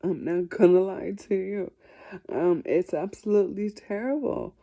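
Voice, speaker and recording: A woman's voice: mid-range voice, measured pace, vocal fry, mellow. A woman answering viewer questions in a casual vlog, chatty and self-deprecating.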